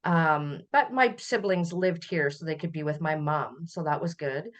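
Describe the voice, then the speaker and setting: A middle-aged Canadian woman, a podcast guest, telling family memories in a relaxed conversational way, often laughing as she recalls. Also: sits low, moderate pace. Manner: warm storytelling, laughs while recalling. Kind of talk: conversational interview.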